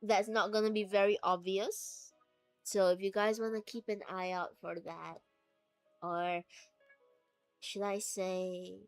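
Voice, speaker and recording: A VTuber streamer sits on the floor at home, chatting casually with her livestream viewers and drifting playfully from topic to topic as she rambles. Her voice is fairly low, with no room sound.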